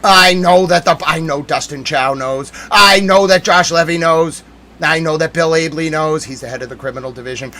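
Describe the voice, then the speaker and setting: A man's voice: on the high side, moderate pace. Man in a theatrical mock-outraged rant. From Massachusetts. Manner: theatrical mock outrage, swinging between loud and muttered. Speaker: livestream host. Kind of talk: ranting live stream commentary.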